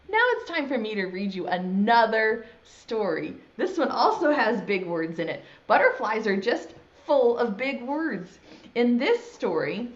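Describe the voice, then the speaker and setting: A woman teaching preschoolers online, speaking slowly and encouragingly during a story time. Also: on the high side. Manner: slow, sing-song, encouraging. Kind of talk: storytime for young children. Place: indoor room, streamed live online. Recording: dull echoey room sound.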